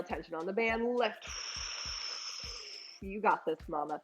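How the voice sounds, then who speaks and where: A young woman, a personal trainer, leads a postpartum core workout with faint music playing behind her. She speaks at a medium pitch and a measured pace, pausing often and cueing breaths while doing the moves herself. She's encouraging, though her voice sounds a little strained from the effort.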